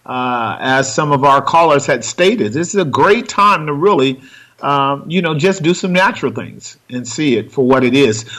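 A man's voice: medium pitch, normal speed, a bit bright. A man, a pastor, hosting a radio call-in show, talking in long rambling stretches. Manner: rambling, many fillers and restarts.

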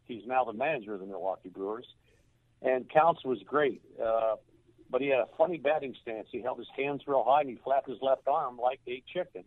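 Over a tinny phone line with no echo, an older man who once coached baseball shares a moving personal story. His mid-range voice falters, and he repeats words as he is brought to tears.

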